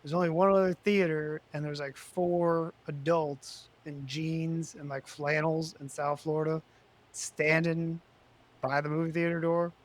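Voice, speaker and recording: A man in his thirties co-hosting a podcast, telling stories in casual banter and getting loud as he acts out his confrontations. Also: unhurried. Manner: animated storyteller, loud and high when retelling confrontations. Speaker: podcast co-host.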